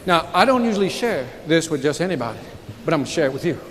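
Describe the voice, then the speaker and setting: Speaking very fast in a fairly high, sing-song voice with a fairly bright tone, a man gives an energetic sales keynote, cracking jokes and firing questions at the audience. Slight background noise accompanies the echoing capture of a big conference hall, where people laugh and murmur.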